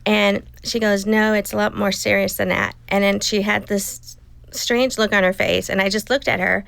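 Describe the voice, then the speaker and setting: A woman in her fifties recounts a hard personal story in conversation, voicing each exchange as quoted dialogue. Her mid-pitched voice has a gravelly fry, and the recording is close and dry. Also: little pitch movement, normal speed, a bit bright, no room sound, low-quality recording. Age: 50s. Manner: emotional, retelling dialogue in quotes. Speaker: guest.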